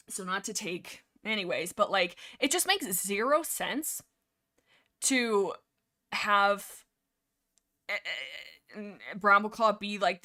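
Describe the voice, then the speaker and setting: A woman streamer rambling casually about a book series, animated and sarcastic, full of fillers and restarts. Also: mid-range voice.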